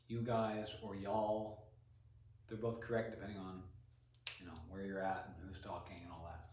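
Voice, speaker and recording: A man's voice: lowish voice, a little hiss or hum. Casual male teacher, mid-range voice, chatty with frequent fillers; distant mic, very echoey room. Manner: relaxed, chatty, many ums and restarts. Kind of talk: classroom lesson. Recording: roomy echo, voice from far off.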